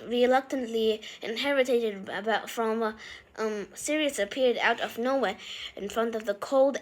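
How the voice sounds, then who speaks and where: A woman reads a novel aloud as an amateur reader, her voice sitting on the higher side. She reads haltingly, tripping over words, restarting and filling gaps with ums. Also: a bit bright. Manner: halting, frequent slips and restarts.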